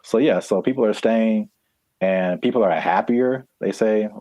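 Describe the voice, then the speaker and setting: Chatty low-voiced man podcast host. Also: dark tone. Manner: rambling, filler-heavy, quick to laugh. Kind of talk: casual chat.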